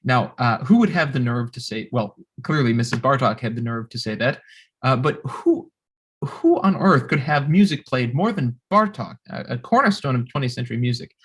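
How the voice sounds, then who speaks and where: A man's voice: mid-range voice, expressive, moderate pace, a bit bright, husky. A young man, a composer, giving a recorded music history lecture with many fillers and restarts.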